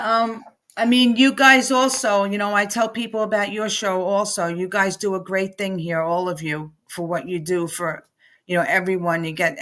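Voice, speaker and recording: Woman, Jersey accent, podcast guest on a video call, animated storyteller. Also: fairly low pitch. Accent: New Jersey. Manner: animated storyteller, laughs often. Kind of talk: casual interview chat.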